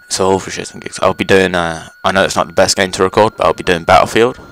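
A young man hosting a gaming channel rambles through casual let's play commentary, using fillers and swearing at the enemies. He talks fast in a low, gravelly, slightly bright voice with fairly even intonation, on a noisy home recording.

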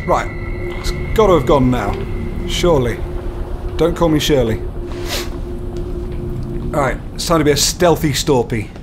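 A man talks his way through a horror game, muttering to himself and swearing freely. His voice sits a little high for a man. The game's music plays clearly underneath him. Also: expressive, unhurried, long pauses. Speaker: gaming YouTuber.

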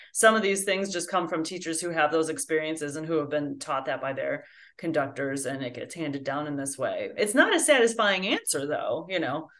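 Co-host: middle-aged woman, lowish voice, thinks aloud, loose and chatty. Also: fairly bright tone. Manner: thoughtful, rambling with many fillers. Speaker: podcast co-host, flute teacher. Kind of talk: casual chat.

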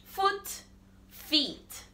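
A woman with a Jamaican accent teaching a language lesson, saying words slowly and repeating them for practice. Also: bright, forceful tone, slight background noise. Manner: slow, repeats words for drilling.

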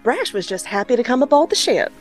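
A woman's voice: fairly high pitch, sing-song, fast, soft background music, pitched above the performer's own voice. A woman voicing a sweet-talking, blunt female ship captain. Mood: folksy.

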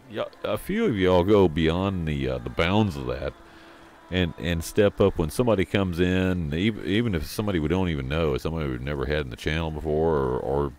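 A man chatting casually on a live game stream, rambling and halting as he thanks his viewers. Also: extremely low pitch, slight background noise.

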